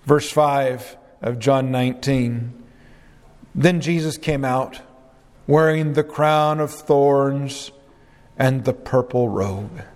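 A man's voice: mid-range voice, slow pace, darkish tone, long reverb tail. A male pastor preaching an expository sermon, reading scripture verses aloud and explaining them with emphasis.

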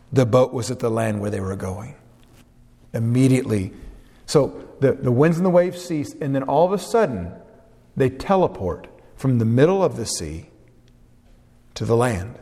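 A man's voice: mid-range voice, warm tone. A man preaching a sermon, reading scripture aloud with earnest, dramatic rises and drops in his voice. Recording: long hall reverb.

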